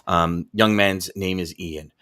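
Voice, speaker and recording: Animated middle-aged male talk show host. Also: low voice, slow. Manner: animated storyteller, acts out dialogue. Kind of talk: casual chat.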